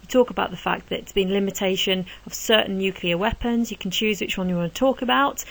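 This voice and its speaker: A woman history teacher giving an exam revision lesson, explaining answers step by step in a brisk, encouraging way. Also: mid-range voice, vocal fry, a bit bright, rough recording.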